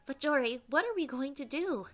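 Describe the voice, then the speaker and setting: A woman's voice: high voice, animated, normal speed, voice pushed up. A woman voicing a young mermaid turned human, worried and pleading, in her everyday voice.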